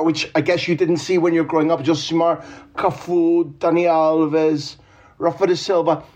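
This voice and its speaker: A Scottish man hosting an interview in a lively, playful way, often repeating phrases for emphasis. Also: a little high, slightly rough. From Scotland. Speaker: interviewer, host.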